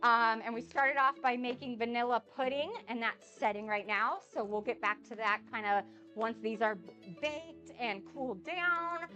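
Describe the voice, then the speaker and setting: A woman's voice: on the high side, normal speed, few pauses, sharp tone, highs cut off, faint music behind. A woman hosting a casual cooking live stream from her home kitchen, bubbly and effusive, thanking her viewers again and again.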